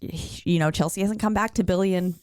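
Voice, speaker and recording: A woman's voice: lowish voice, brisk, smooth, no echo, clean studio sound. A woman co-hosting a podcast, chatting casually and profanely about a horror movie with her co-host. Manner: animated, profane, laughs along. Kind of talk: casual movie recap chat.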